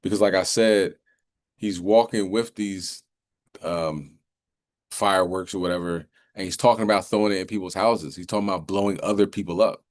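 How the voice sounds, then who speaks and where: Man preaching, halting and drawn-out. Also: low voice, fairly even intonation, dry recording, clean studio sound. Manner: loose and halting, with many fillers and slow, drawn-out scripture reading. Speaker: religious commentator host. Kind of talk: preachy video commentary with scripture reading.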